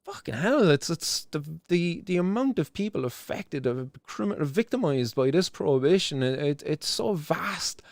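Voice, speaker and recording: A man's voice: on the high side, expressive, normal speed, hardly any pauses, no echo. Impassioned Irish man on a stream. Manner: impassioned, swearing, many restarts and "do you know". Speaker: stream host. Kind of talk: emotional live-stream commentary.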